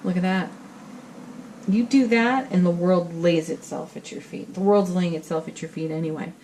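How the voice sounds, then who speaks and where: A middle-aged woman giving a spiritual tarot reading in a gentle, soothing, reassuring manner. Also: on the low side, normal speed, a little hiss or hum, low-quality recording. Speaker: tarot reader.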